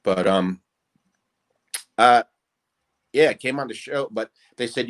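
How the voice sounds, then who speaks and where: A man's voice: medium pitch, slow, long pauses. A man chatting as a guest impressionist, rambling and hesitant with many fillers. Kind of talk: casual interview chat.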